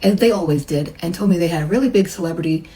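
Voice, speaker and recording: Woman, middle-aged, chatty storyteller, lowish voice. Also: fast talker, mellow, low-quality recording. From United States. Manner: chatty, acts out the people she quotes. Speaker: massage therapist. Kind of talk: personal storytelling.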